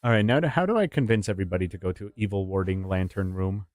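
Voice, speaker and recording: A man's voice: sits low, fast, a little mellow, soft background music. A man streaming a horror game, chatting casually with viewers, swearing and laughing often and jumping into silly voices. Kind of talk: casual gaming stream chat.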